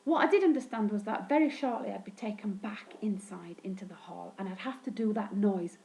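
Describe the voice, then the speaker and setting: A woman telling a funny childhood story in a wry, deadpan vlog monologue, swearing now and then. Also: brisk, creaky, hardly any pauses, rough recording. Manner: wry, deadpan, sweary humor with sudden pitch jumps. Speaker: vlogger recounting childhood.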